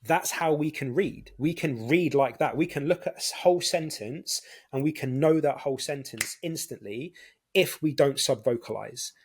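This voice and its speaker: A man's voice: a little high, normal speed, husky. A man with a British accent, hosting a podcast in casual chat, explaining things eagerly and laughing often. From United Kingdom. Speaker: podcast host.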